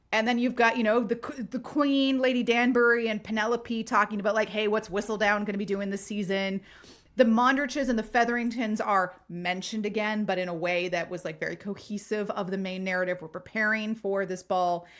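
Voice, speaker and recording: Chatty woman co-hosting a podcast. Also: medium pitch. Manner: chatty, animated, swearing freely. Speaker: podcast co-host. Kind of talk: casual chat.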